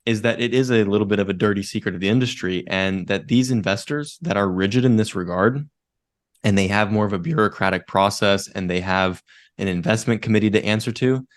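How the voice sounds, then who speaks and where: Low-voiced young man explaining calmly. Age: young adult. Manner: measured, explains step by step with frequent "right?". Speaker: podcast co-host. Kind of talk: casual business podcast chat.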